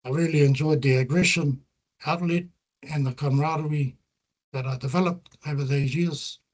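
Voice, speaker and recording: A middle-aged man with a New Zealand accent gives an earnest, reflective slide presentation about his research, weaving Māori terms into his English. His voice is fairly high, with fairly even intonation and a normal speed.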